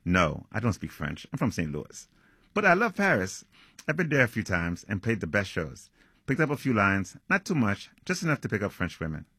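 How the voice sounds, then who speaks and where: An author reading aloud, raising his voice high to play a brash, slangy young male jazz trumpeter who teases his new roommate. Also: very animated, moderate pace, bright, forceful tone, breathy edge, no room sound, clean studio sound, exaggerated voice. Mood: teasing. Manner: teasing, slangy, high-pitched put-on voice.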